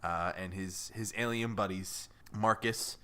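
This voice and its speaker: A man's voice: lowish voice, fairly even intonation, unhurried, fairly bright tone, smooth. A young man co-hosting a comedy podcast, playfully telling a story in casual chat and laughing a lot. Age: young adult. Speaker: podcast co-host.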